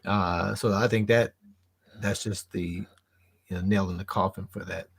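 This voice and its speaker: Laid-back man with a husky, low voice. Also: steady tone, a little slow, dry recording. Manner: laid-back, hesitant with uh fillers. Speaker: guest. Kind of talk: casual live stream chat.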